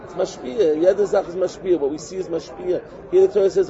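A man giving an informal Torah talk, animated and repetitive, often acting out what other people say. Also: high-pitched, a little fast, few pauses. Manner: animated, repetitive, acts out quotes. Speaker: religious teacher. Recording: muffled recording with crowd noise.

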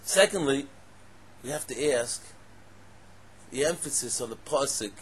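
A man giving a lively Torah class, asking rhetorical questions and breaking into loud exclamations. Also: mid-range voice, normal speed, long pauses, a little hiss or hum. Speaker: Torah teacher.

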